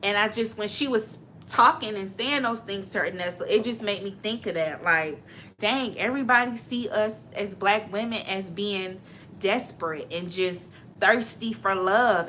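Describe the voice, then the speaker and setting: A woman from Atlanta co-hosts a casual chat show. Her voice is bright and clear, and she talks in an emphatic, animated way. A faint noise sits under the recording. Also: mid-range voice. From Atlanta, Georgia. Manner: animated, emphatic, drops into mocking quotes. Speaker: co-host.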